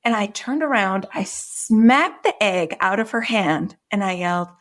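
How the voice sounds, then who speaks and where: A woman's voice: medium pitch, lively intonation, unhurried, few pauses. Middle-aged woman, podcast guest, earnest, emotional, vivid personal storytelling.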